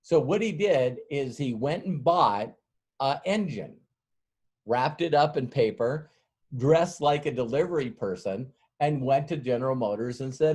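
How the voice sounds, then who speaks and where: A man's voice: mid-range voice, animated, normal speed, darkish tone, breathy edge. A middle-aged man leading a sales training session in a loose, folksy way. He rambles through a long story and acts out the dialogue as he goes, laughing often along the way.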